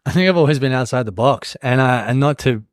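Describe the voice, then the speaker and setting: A man's voice: mid-range voice, fast talker, smooth, dry recording, studio quality. Chatty man with a mild Australian accent. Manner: animated storyteller, jumps between tangents. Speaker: podcast co-host. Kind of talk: casual chat.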